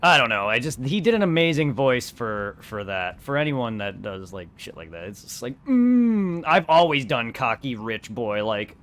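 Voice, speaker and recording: A young man streaming a game, chatting casually in a rambling, excitable way and swearing a lot. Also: mid-range voice, moderate pace, few pauses. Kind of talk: casual gameplay commentary.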